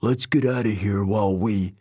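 Gruff teenage smith, read by a man, low and dry, grumbles more than he talks. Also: normal speed, mellow, no room sound. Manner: gruff, grumbling, often whispered. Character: gruff teenage boy, a grumbling camp blacksmith.

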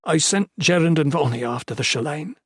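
A man's voice: a little high, lively intonation, fairly quick, breathy edge, dry recording. A wounded, stubborn young lord, voiced by a man, his voice weak and strained from his injuries. The read sounds close and dry, with no room around it.

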